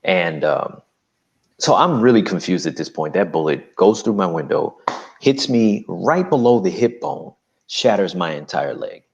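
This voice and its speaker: A man recounting a personal story as an interview guest, animated and acting out quotes. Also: low voice, measured pace, muffled recording.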